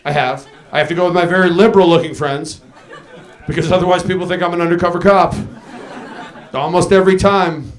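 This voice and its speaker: A man's voice: sits high, steady tone, a little fast. A man doing dry stand-up on a club stage, dropping to mumbled asides. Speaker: stand-up comedian. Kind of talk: stand-up set.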